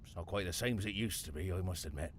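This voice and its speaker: An actor voicing a dead older English gardener with a West Country accent, dry and darkly playful, in a video game. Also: male voice, low-pitched, fast talker, slight background noise, lightly acted. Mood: sly. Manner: wry, theatrical, darkly playful.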